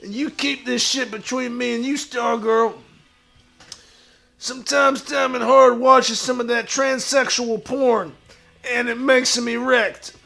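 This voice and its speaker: A man doing a gravelly, swaggering washed-up wrestler. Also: very high-pitched, steady tone, unhurried, heavily acted. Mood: swaggering bravado. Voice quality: gravelly, shouty bravado. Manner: crude, swaggering, talks of himself in third person. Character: boastful washed-up male pro wrestler. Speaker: streamer in character. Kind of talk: improvised comedy stream.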